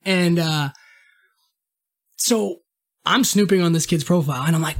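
A man from Maine, hosting a podcast in a casual monologue, rambling and animated, swearing, and acting out quoted remarks in a raised voice. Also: sits high, moderate pace. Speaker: podcast host.

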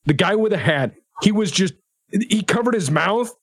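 A man voicing a furious, paranoid male shuttle pilot in a tabletop game, shouting and cursing. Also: high voice, lively intonation, moderate pace, pitched above the performer's own voice. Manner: shouting, ranting, profane.

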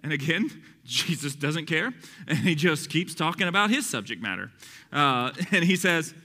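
A man's voice: on the high side, animated, normal speed, bright, forceful tone, long reverb tail. A man preaching a conversational sermon, explaining scripture with chuckling asides.

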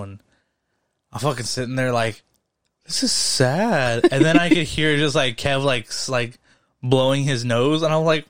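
A young man co-hosting a casual podcast, rambling and swearing freely as he retells stories with animated asides. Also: medium pitch, clear, resonant tone, no echo, studio quality. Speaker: podcast co-host. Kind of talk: casual chat.

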